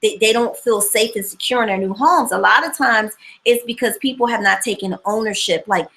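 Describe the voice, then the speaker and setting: A woman hosting a casual motivational livestream, reading viewer comments and talking in a chatty, animated way that repeats words for emphasis. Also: on the high side, fairly quick, low-quality recording.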